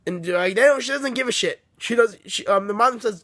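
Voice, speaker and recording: High-voiced young man rambling a recap. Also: fairly quick, bright, forceful tone, dry recording. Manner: rambling, swears and apologizes often, laughs. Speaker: book reviewer. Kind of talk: casual rambling book recap. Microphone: phone camera.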